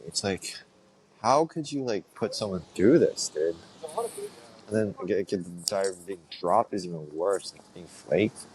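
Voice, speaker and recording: A young man with a deep, low voice talks through a loose, rambling solo podcast episode. He is laid-back and slangy, leaning hard on filler words, with a faint noise floor behind him. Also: darkish tone. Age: young adult. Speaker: podcast host. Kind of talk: casual rambling monologue.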